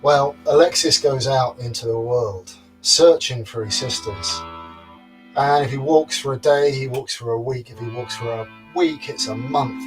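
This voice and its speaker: A man telling a folktale in a lively, rhythmic storytelling manner, with playful sound words. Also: mid-range voice.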